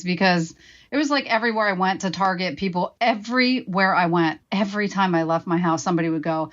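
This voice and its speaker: A woman's voice: medium pitch, quick pace, fairly bright tone. A woman in her forties, a guest telling her own story frankly and with swearing, acting out her past remarks. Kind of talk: candid personal storytelling.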